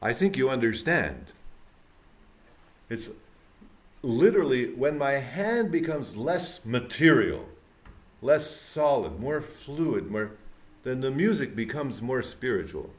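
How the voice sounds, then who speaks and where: A man's voice: medium pitch, big pitch swings, slow pace, long pauses. A man teaching a piano masterclass, coaching a student with encouragement and repeating words for emphasis. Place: music room with piano and mirror. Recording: piano playing behind the voice.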